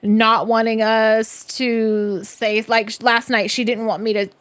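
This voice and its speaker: A woman co-hosting a podcast, chatting casually and telling lively stories with frequent laughs. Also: a little high, a little slow, dry recording. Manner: lively storyteller, laughs often. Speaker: podcast co-host. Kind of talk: casual chat.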